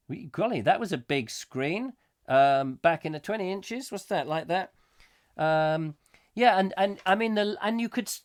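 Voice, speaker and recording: A male host with a cold chats his way through a live stream, rambling from one memory to the next and reading out viewer comments. His pitch moves a lot, rising and dropping as he talks. The talk is loose and unscripted. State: has a cold. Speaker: livestream host. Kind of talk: casual live-stream chat.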